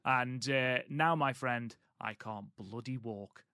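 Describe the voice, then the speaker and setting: Man, podcast co-host, bright tone, lively anecdotal delivery, dry close recording. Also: mid-range voice, slow pace, clean tone, no echo. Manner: chatty, animated storytelling with self-deprecating humor. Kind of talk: casual podcast chat.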